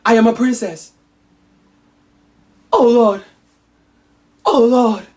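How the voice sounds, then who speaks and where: A woman's voice: fairly high pitch, takes it slowly, darkish tone, voice pushed up. A woman voicing a runaway young princess who gasps out dramatic, tearful exclamations. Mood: overwhelmed. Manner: melodramatic, gasping exclamations.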